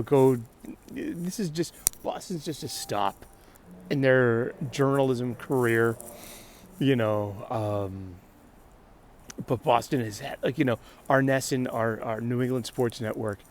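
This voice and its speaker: A man of middle pitch talks on his own as host of a casual show. He rambles, stopping and restarting his thoughts and laughing often, with a faint noise under the recording. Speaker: podcast host. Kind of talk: casual solo chat.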